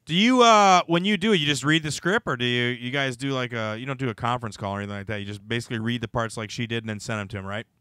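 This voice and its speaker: A man's voice: medium pitch, rapid-fire, hardly any pauses, pushed and bright, clear, resonant tone, dry recording. A man hosting a casual comedy podcast, joking and laughing through banter. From United States. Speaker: podcast host.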